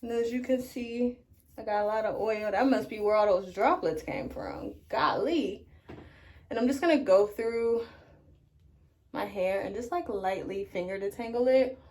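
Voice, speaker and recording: A woman's voice: mid-range voice, measured pace, darkish tone. A woman vlogger chatting casually through a hair care tutorial, talking straight to her viewers. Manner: chatty, addresses viewers as you guys. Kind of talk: casual tutorial talk to camera.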